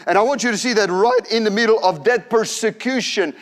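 A middle-aged male preacher with a fairly high voice delivers a fervent sermon. He leans on emphatic repetition as he tells his story. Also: fairly quick, a bit bright.

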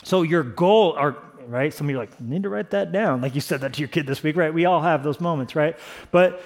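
This sermon comes from a male pastor whose voice sits slightly above the typical male range, and he speaks fairly quickly. His preaching is passionate, shifting from soft sincerity to rising, forceful outbursts.

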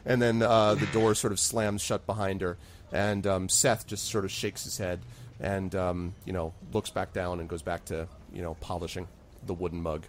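A man's voice: low-pitched, normal speed, a little hiss or hum. A man running an online tabletop game as game master. He narrates loosely and uses lots of fillers. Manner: relaxed and hesitant, with many fillers.

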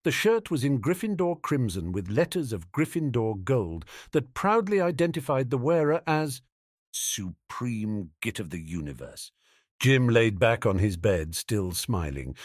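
A man narrating a fantasy story with an expressive delivery. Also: lowish voice, dry recording, studio quality. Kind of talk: audiobook narration of fan fiction.

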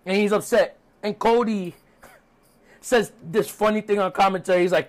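A man's voice: high voice, steady tone, fairly quick. Chatty man recapping casually. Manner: rambling, chatty storytelling. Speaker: podcast host reviewing wrestling.

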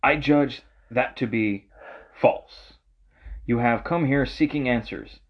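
A man's voice: mid-range voice, slow pace. A man voicing a cocky male supercomputer in a tabletop gamebook, speaking in stiff, haughty pronouncements. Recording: muffled lo-fi audio.

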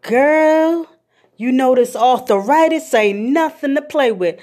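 A woman voicing her fussy, doting old grandmother in a high, drawn-out, scolding voice. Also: animated, darkish tone. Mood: fussing.

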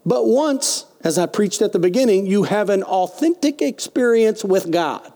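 A male pastor preaches in a high, gravelly voice. He talks folksy and direct, firing questions at the congregation. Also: animated, normal speed, dark tone. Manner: folksy preaching with call-and-response. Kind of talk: sermon.

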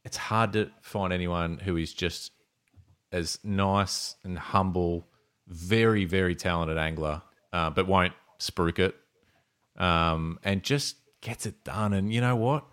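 A man hosting a fishing podcast, chatting casually, often laughing and trailing off into a quiet mumble. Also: low voice, slow, clear, resonant tone. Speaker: podcast host.

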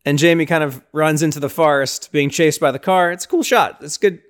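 A young man hosting a podcast, casually recapping a horror film with lots of fillers and briefly acting out the characters' lines. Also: a little fast. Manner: excitable, lots of fillers, acts out lines in high voices. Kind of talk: casual movie recap chat.

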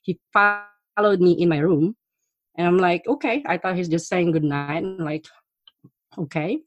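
Low-voiced woman telling her story. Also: moderate pace, no room sound, highs cut off. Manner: animated, laughs often. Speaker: guest. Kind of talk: casual storytelling.

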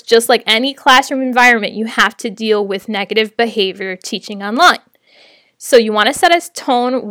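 A woman's voice: on the high side, bright, forceful tone, no room sound, clean studio sound. A woman sharing practical tips on teaching online, in a friendly, conversational way with light laughs. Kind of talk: casual teaching tips to camera.

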